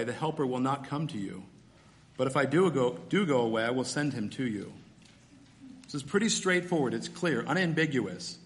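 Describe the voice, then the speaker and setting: A man preaching a sermon, teaching through a scripture passage step by step in a relaxed, conversational way. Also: mid-range voice. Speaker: pastor.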